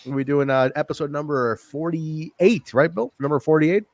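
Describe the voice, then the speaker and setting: A man's voice: on the high side, moderate pace, darkish tone, no echo. A man hosting a wrestling podcast, signing off with loose, profane banter. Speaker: podcast host. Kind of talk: casual chat.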